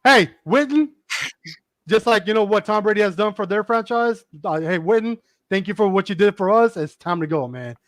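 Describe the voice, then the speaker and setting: A man with a strikingly high voice, talking sports in a casual, heated way. He curses freely and repeats phrases over and over when he gets worked up, outdoors on a porch. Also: moderate pace, no room sound. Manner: excitable, profane, repeats himself while laughing. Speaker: podcast co-host.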